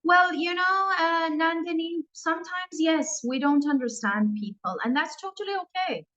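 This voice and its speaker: A woman in her thirties, born in Iran and raised in England, speaks with an English accent and an extremely high pitch at normal speed. As an English teacher in an online Q&A, she answers students' questions with lively, encouraging examples. The recording has a lo-fi sound.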